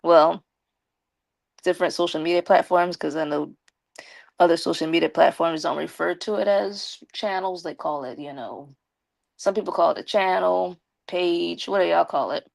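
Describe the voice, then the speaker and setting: A woman with a slight lisp, chatting casually with her viewers on a live stream and giving them shout-outs. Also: lowish voice, moderate pace, vocal fry.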